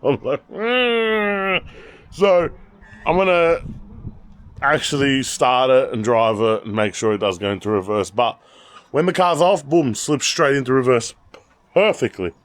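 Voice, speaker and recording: A man with an Australian accent, chatting casually and rambling as he walks through his car collection, telling animated stories. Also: mid-range voice, normal speed. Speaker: channel host. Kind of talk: casual car walkaround vlog.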